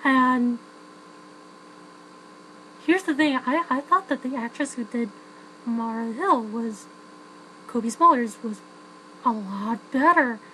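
Woman reviewer, casual and opinionated, slightly high, low hum on the track. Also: takes it slowly, pauses often, sharp tone, low-quality recording. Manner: chatty, frank, many fillers and restarts, laughs often. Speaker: film reviewer. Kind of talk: casual spoken film review.

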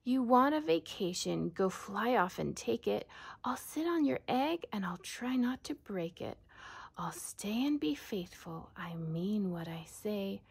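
Lady reading a kind loyal elephant guy, soft breathy voice, slight gravel, earnest. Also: medium pitch, expressive, a little slow, exaggerated voice. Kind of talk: storybook reading.

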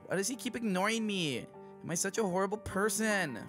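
A fragile, sorrowful teen girl in a thin, high, wavering voice, as a man puts her on. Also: expressive, brisk, over music. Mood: sad. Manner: high, strained falsetto pleading. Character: sad, fragile teenage girl.

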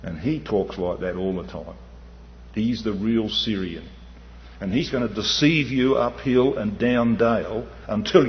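A man preaching an animated sermon, swinging between loud emphasis and quiet asides. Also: on the low side, unhurried. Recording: dull, muffled hall with long reverb.

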